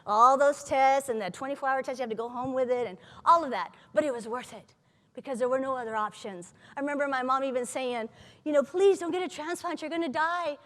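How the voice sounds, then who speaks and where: A woman telling her own story to a live audience, lively, humorous and candid. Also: high-pitched, quick pace, long reverb tail. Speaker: patient advocate speaker. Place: large conference hall.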